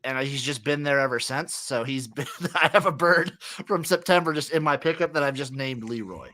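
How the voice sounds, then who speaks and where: Bright-voiced joking podcast host, a man. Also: medium pitch, a little fast. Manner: joking, swearing, loose banter. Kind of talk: casual chat.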